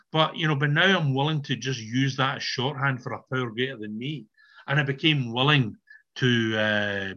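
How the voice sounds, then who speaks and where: Earnest older man, bright lo-fi call audio. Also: mid-range voice. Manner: earnest, emphatic, repeats words. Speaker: recovery meeting speaker. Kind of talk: personal testimony at a meeting. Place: online video meeting.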